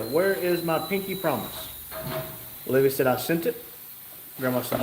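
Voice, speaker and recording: A man with a slightly high voice hosts a casual live stream at normal speed, reading viewers' comments aloud and adding dry, wry jokes. The space sounds like a roomy, echoey garage, with a faint hiss of noise beneath.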